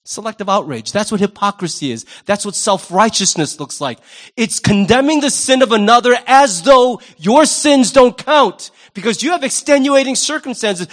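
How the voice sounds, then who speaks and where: A male pastor preaching a sermon in an animated, wry way, often jumping into quoted voices. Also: sits high, normal speed.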